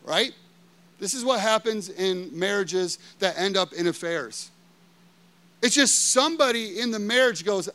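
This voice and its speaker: This man's voice sits high and sounds expressive, pushed, and bright, and his pace is a little slow. Preaching, he recounts personal experiences in a casual way, using plenty of "like" fillers and turning to the audience with questions.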